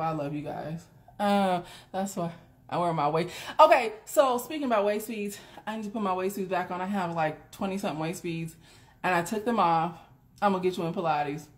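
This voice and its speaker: A woman hosting a casual live stream, talking bluntly to her viewers with plenty of swearing and frequent laughter. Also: lowish voice. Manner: blunt, profane, laughs often; chatty, talks straight to viewers. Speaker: doula and live stream host.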